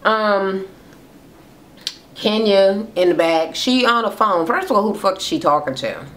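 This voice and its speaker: A woman's voice: mid-range voice, expressive, measured pace, a bit bright. A woman vlogger giving a casual, gossipy recap rant, blunt and full of profanity. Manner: blunt, profane, gossipy retelling with acted-out quotes.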